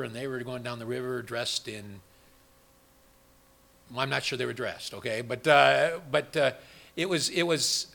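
Gravelly, bright-toned man preaching a Bible study. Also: mid-range voice. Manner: rambling, restarts, quizzes the congregation. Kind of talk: interactive Bible study sermon.

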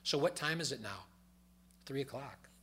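A man preaching a sermon, reading scripture aloud with loud emphasis and dropping to quiet explanatory asides. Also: mid-range voice, expressive, moderate pace, husky.

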